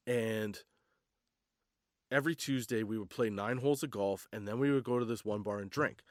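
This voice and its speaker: A man's voice: mid-range voice, a bit bright, dry recording, clean studio sound. A young man hosting a comedy podcast, telling a story casually, laughing often and swearing freely. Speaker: podcast host.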